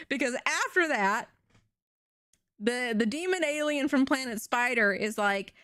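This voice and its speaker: A young woman streaming, retelling a show in an animated, rambling way with casual swearing. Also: sits high, normal speed, smooth, no echo, studio quality. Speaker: VTuber streamer.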